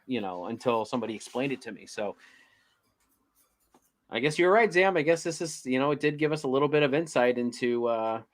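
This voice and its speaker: Casual co-host, mid-pitched man, easygoing, full of fillers. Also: animated, fairly quick. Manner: easygoing, lots of "like" and "you know". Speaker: podcast co-host. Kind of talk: casual chat.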